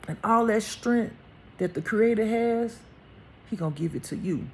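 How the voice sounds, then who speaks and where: A woman giving an impassioned personal monologue as a spiritual teacher, colloquial and blunt, dropping into a hushed lower voice when she speaks for God. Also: lively intonation, brisk, slight background noise.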